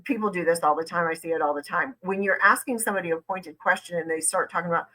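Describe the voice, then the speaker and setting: A woman's voice: on the low side, quick pace, few pauses, a bit bright, poor audio. A woman lawyer giving conversational reaction commentary, emphatic and repeating points for stress.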